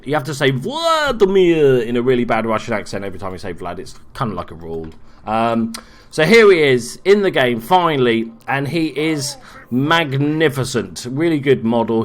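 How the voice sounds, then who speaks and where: A man walks through a video game in a relaxed, conversational guide. His pitch is middle of the road, and his delivery is offhand and jokey, full of little asides and self-corrections. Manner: joking, offhand asides, trails off and restarts. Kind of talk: casual gameplay guide commentary.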